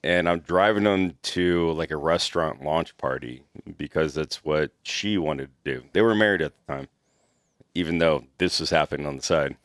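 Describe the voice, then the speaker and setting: A man, a former executive protection agent, telling stories in a casual podcast chat, animated, laughing and swearing freely. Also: extremely low pitch, moderate pace, dry recording, studio quality.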